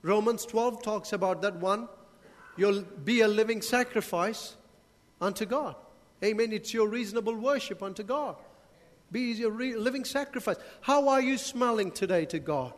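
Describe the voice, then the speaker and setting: At a moderate pace and in a voice that sits high, a man preaches a sermon in a church hall, questioning the congregation and tossing in humorous asides. A long hall reverb colours the recording.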